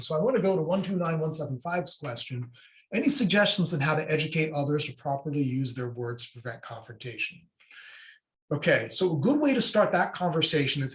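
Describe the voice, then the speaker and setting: A man presenting an online workshop in a relaxed, conversational way, answering questions from the chat and acting out short sample dialogues. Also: on the high side, brisk. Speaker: webinar presenter. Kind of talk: casual online workshop talk.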